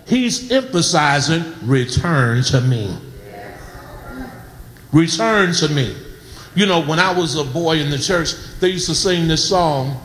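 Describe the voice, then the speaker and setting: High, lively-voiced preacher man in a hall. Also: takes it slowly. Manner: preaching with rising shouts and audience calls. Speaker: pastor. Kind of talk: sermon.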